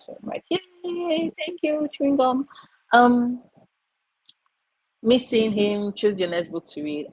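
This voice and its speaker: A chatty woman hosts a casual live reading stream, wandering between topics and filling gaps with little asides. Her voice is husky and a touch breathy. The sound is close and dry. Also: lowish voice, dry recording, low-quality recording. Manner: chatty and rambling, many fillers, coos over her cat. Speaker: book streamer hosting a live reading sprint.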